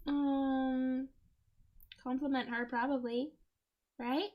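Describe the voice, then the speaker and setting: Giggly high-voiced woman streamer. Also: flat delivery, slow pace, highs cut off. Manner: giggly, laughs often between remarks. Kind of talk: casual gameplay commentary.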